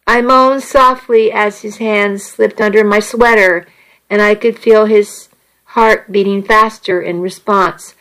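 A woman softly narrating a first-person romance story in an intimate reading voice. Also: medium pitch, fairly even intonation, slow, rough recording.

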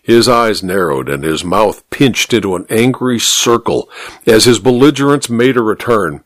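Lively, dry-voiced male audiobook narrator. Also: fairly low pitch, measured pace, no room sound. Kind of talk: first-person detective novel narration.

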